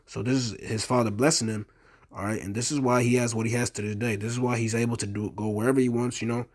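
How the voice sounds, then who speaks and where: A man reading King James verses aloud and explaining them in loose, everyday talk with many pauses and ums. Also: medium pitch, steady tone. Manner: hesitant, many ums and restarts. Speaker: bible teacher. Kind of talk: scripture reading with casual commentary.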